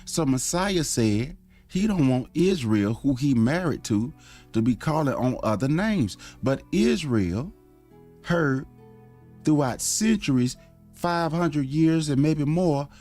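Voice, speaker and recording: A man's voice: a little high, lively intonation, takes it slowly, dark tone, faint music behind. A man from Florida with a Southern US accent, teaching religion in a rambling, conversational way and calling his listeners family. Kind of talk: casual online teaching.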